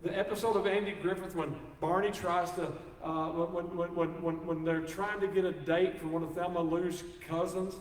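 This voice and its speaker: A man preaching a sermon, folksy and animated, joking with the congregation. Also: high voice, moderate pace, few pauses. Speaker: pastor. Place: church sanctuary. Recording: echoey hall, speaker far from mic.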